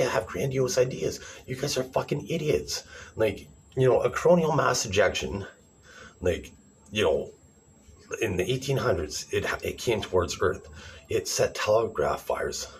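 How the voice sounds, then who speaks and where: A man's voice: mid-range voice, a little hiss or hum. A man ranting in a rambling, sarcastic, profane monologue to camera, calling people idiots. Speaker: vlogger.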